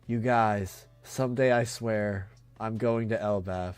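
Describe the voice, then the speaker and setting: A man streaming a live reaction, awestruck and emotional, talking in halting bursts that trail off and restart. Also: lowish voice, steady tone, a little mellow, clean tone. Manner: emotional and earnest. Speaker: streamer reacting to a comic chapter.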